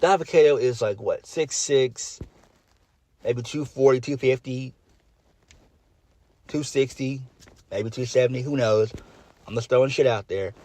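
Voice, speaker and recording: A man's voice: mid-range voice, unhurried, pauses often, warm tone, dry recording. A man giving a casual solo review of a wrestling show, blunt and exasperated, swearing freely and trailing off into fillers.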